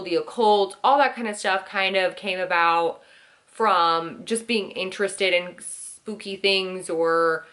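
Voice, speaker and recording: With a medium pitch and a fairly bright tone, this thirtysomething vlogger host chats casually through Q&A questions. She's chatty, full of "like"s, and acts out quotes along the way.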